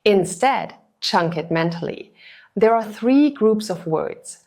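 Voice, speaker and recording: A woman tutor narrating a scripted test-prep lesson in an even, instructional way. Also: medium pitch, takes it slowly. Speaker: TOEFL tutor.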